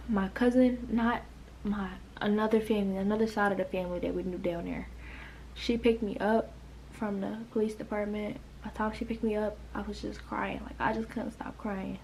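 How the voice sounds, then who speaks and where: A woman's voice: mid-range voice, fairly even intonation, normal speed, gravelly, slight background noise, low-quality recording. A woman in her late teens from the United States, telling an emotional storytime in a rambling way, full of "like". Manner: emotional, rambling, heavy use of "like". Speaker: vlogger. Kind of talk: storytime vlog.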